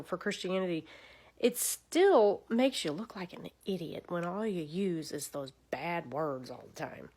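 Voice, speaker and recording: A woman hosting a casual devotional talk, chatty and earnest, with lively swings in pitch. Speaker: devotional host.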